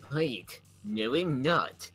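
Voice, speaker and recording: A man's voice: mid-range voice, very animated, unhurried, sharp tone, soft background music. A man putting on a sly, scheming gorgon woman. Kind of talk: video game voice-over reading.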